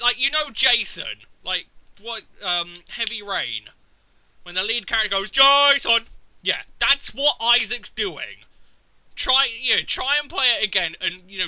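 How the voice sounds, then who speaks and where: A man's voice: sits high, sharp tone, no echo, poor audio. A man, ranting casually and profanely about a video game. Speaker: gaming video maker. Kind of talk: casual rant.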